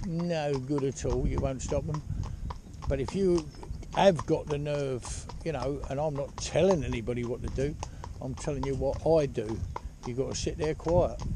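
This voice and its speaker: A man talks easily from the seat of a horse-drawn carriage. He rambles and checks in with the listener as he goes. His voice sits a touch high for a man, with clear road noise and hooves clopping behind it. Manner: easygoing, rambling, peppered with "you know" and "yeah?". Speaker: horse trainer and carriage driver. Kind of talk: casual spoken advice while driving. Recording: outdoor noise with hoof clip-clop.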